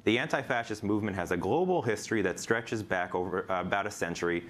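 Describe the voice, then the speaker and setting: A man with a lowish voice gives long, measured, academic answers in an interview, often pausing on "uh". Faint noise hums under the recording. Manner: measured, academic, with frequent "uh" fillers. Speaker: guest author and lecturer.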